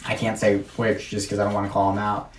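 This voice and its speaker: A man's voice: lowish voice, monotone, fast talker, far from the mic, a little hiss or hum. A man hosting a casual talk show, teasing and joking with his guests. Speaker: host. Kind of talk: casual chat. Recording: roomy sound from off mic.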